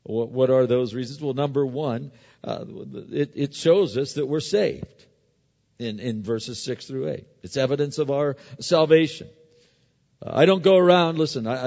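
With a creaky, darkish, medium-pitched voice, a middle-aged pastor delivers a sermon in a conversational way, telling stories and restarting often. It's a dull recording with long hall reverb.

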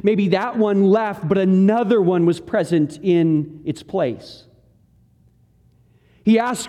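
A man's voice: high voice, mellow, long reverb tail. A man preaching an earnest, emphatic sermon, working through scripture verse by verse. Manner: earnest, emphatic preaching with rising and falling intensity. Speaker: pastor. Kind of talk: expository sermon.

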